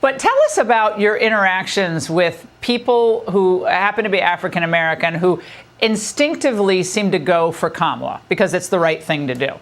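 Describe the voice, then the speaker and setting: A woman's voice: fairly low pitch, moderate pace. A woman hosting a television interview in an enthusiastic, friendly way. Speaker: television host.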